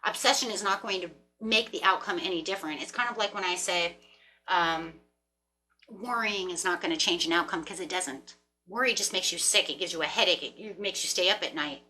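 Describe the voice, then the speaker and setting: A woman doing a collective tarot reading, talking in a casual, rambling way and breaking into animated asides. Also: on the low side, brisk, soft background music. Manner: rambling, animated, talks to herself with laughs and mock voices. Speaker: tarot reader. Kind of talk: casual spiritual talk to camera.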